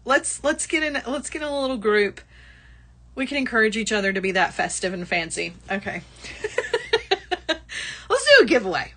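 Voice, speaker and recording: Bright, giggly woman hosting a live shop. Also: a little high, very animated, moderate pace, pauses often. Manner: chatty and giggly, laughs often. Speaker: livestream shopping host. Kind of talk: casual live product chat.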